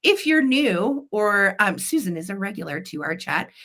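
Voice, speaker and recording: A woman's voice: medium pitch, sing-song, normal speed. Effusive woman hosting a live sale. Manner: effusive, warm greetings to viewers, counts down bids. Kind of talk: live online auction chat.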